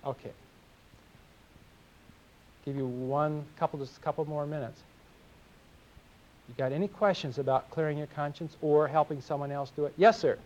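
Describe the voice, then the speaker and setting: An earnest middle-aged man delivers a sermon in a confessional way. His voice sits a bit high, and he often stumbles and repeats words. The recording is dull and lo-fi. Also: fairly even intonation, moderate pace, long pauses, a little mellow, a little hiss or hum. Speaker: preacher.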